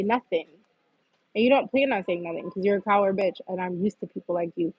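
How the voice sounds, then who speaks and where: A husky-voiced woman rants on her own livestream, blunt and full of curses. The sound is dry and a little muffled, as if from a phone. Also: medium pitch, brisk, no room sound. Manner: blunt, profane, venting. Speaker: livestream host. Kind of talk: heated livestream rant.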